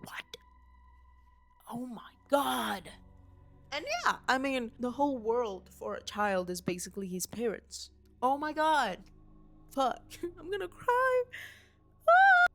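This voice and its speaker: A woman's voice: fairly high pitch, slow pace, creaky, pauses often, a bit bright, soft background music. Gushing young woman ranting about a movie. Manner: gushing, rambling, swears casually. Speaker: vlogger. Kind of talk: unscripted excited movie rant. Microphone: handheld mic waved around.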